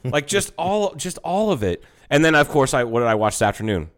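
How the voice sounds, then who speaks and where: A man's voice: fairly high pitch, sing-song, brisk. A man hosting a podcast talks casually and swears often as he retells comedy bits. His voice rises and falls a lot as he talks. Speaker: podcast host. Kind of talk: casual chat.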